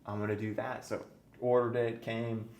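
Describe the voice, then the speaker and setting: A man's voice: medium pitch, level tone, moderate pace, a little mellow. A man guest on a podcast, telling his own story earnestly and intensely, his voice sometimes sinking to a near-whisper. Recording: echoey room with faint noise.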